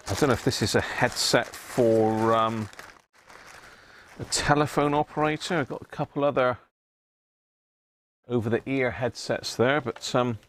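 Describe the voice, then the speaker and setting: A man's voice: medium pitch, slight background noise. A man hosting a casual live stream from his home workshop, chatting loosely, laughing at himself and trailing off with ums. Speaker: radio restoration livestream host.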